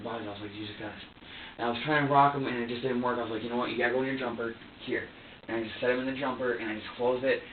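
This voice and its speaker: Distressed man, tinny distant recording. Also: medium pitch. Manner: halting, repetitive, distressed. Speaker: suspect under questioning. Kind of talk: emotional account to investigators. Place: interrogation room. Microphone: far room microphone. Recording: distant, echoey, tinny surveillance recording with faint hiss.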